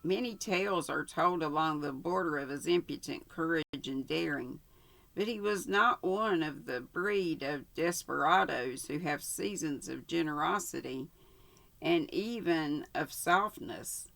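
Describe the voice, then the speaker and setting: An older woman, the channel host, reading a story aloud casually, unhurried and stopping to correct herself. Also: sits low, gravelly, a bit bright.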